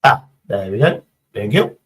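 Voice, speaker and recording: A man's voice: fairly low pitch, sing-song, measured pace, a bit bright, a little hiss or hum, rough recording. A man chatting casually on a live stream, rambling through a story and swearing heavily as he reads the chat.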